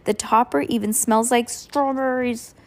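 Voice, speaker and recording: A woman reading a storybook aloud, voicing an eager, pleading little girl in a raised, brighter voice. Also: a little high, steady tone, a little slow, voice pushed up.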